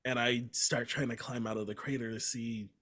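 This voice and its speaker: A man's voice: mid-range voice, steady tone, normal speed, fairly bright tone. A man playing a tabletop role-playing game, describing his character's actions hesitantly with many fillers. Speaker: player. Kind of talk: casual tabletop role-play.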